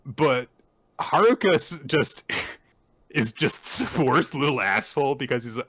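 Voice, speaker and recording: His voice is mid-range, husky, animated and fairly bright, recorded with no room sound. Hosting a podcast, he rambles through a manga chapter with fillers and the odd curse, doing quick put-on voices for the characters.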